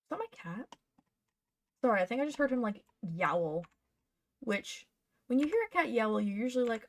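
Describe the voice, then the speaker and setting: A woman's voice: fairly high pitch, lively intonation, normal speed, long pauses. A woman streaming her cosplay patterning work, chatting casually and muttering to herself as she works. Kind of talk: casual live-stream chat while working.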